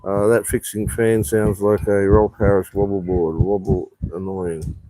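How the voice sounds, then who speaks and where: On a loose, casual live stream at an outdoor rooftop bar, a man swears freely and reads viewer comments out loud. He speaks a little slowly in a fairly low, mellow voice with little pitch movement, and there's no echo.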